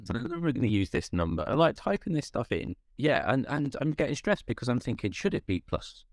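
On a casual podcast, a male co-host rants in an exasperated, rambling way. His medium-pitched voice is sing-song and fairly quick, and the studio recording is clean with no room sound.

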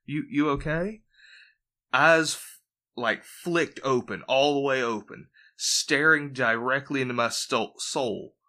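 A man's voice: medium pitch, slow pace, sharp tone. A man who is a guest on a podcast, telling stories in casual chat and swearing freely.

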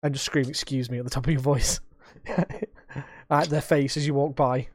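A young man chats on a podcast, swearing freely and acting out the people in his stories. He sits at a medium pitch, close to the mic, with almost no room sound around him. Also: normal speed, no room sound. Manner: animated storytelling, swearing, acting out quotes. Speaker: podcast host. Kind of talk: casual chat.

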